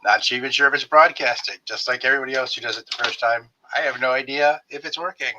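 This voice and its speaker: A man's voice: mid-range voice, fast, background noise. A man hosting his own live stream, chatting casually and greeting viewers by name with friendly jokes. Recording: slightly dull lo-fi stream audio.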